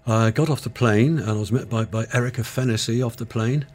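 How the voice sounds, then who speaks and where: A man's voice: medium pitch, fairly quick, darkish tone. An older man from England, a musician guest, telling rambling stories in a casual radio studio interview. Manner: rambling, self-correcting storyteller.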